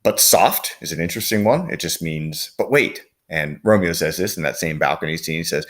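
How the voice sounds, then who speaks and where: A man's voice: sits low, animated, normal speed, hardly any pauses. A man teaching a lesson, explaining patiently with frequent fillers and reading quoted lines aloud. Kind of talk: recorded classroom lecture.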